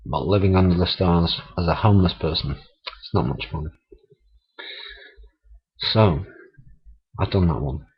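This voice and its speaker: A middle-aged man tells his stories in a casual, chatty way, laughing and swearing as he goes. His voice sits low and a little husky. The sound is dull and lo-fi, like an old camera mic. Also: measured pace, long pauses. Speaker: vlogger. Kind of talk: casual storytelling monologue.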